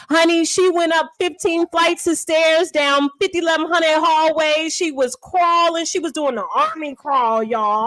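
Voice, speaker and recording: High-voiced dramatic woman storyteller. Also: fairly even intonation, normal speed, hardly any pauses, fairly bright tone, no room sound. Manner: dramatic, theatrical, calls listeners honey and baby. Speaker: live stream host. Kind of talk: animated storytelling commentary.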